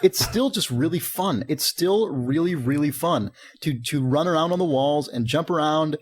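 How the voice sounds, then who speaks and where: Man, fairly high voice, podcast co-host, casual profane banter. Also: moderate pace. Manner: animated, profane, laughs often. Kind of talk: casual chat.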